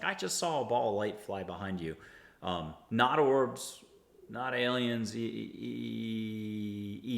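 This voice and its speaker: Lowish-voiced american guy rambling on about spirit stuff, echoey room over a video call. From United States. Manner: rambling and enthusiastic, guiding listeners through exercises. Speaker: host. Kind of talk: casual spiritual talk.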